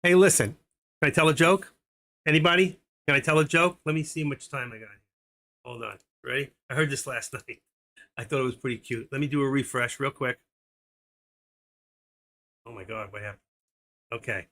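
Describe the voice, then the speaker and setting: A man's voice: medium pitch, moderate pace, pauses often, sharp tone. A middle-aged man hosting a live stream, chatting casually and telling jokes in a rambling way, laughing at his own punchlines.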